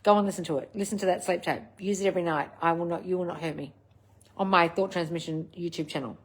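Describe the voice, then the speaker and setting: A woman's voice: fairly low pitch, steady tone, fast. A woman hosting a casual livestream, answering viewer comments in a blunt, scolding coach manner with plenty of swearing. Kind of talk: casual live chat, reading out comments.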